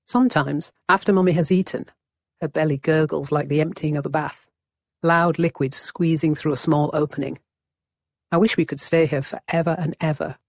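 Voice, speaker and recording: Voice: mid-range voice, darkish tone, no room sound, studio quality. A narrator, reading a vivid, wry first-person story as scripted narration.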